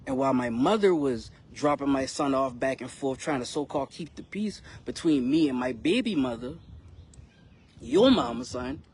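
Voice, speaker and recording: A man's voice: mid-range voice, animated, moderate pace, a little mellow, slight background noise. A young man, a rapper telling his son a frustrating personal story in a casual, emphatic vlog full of slang. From South Carolina, US.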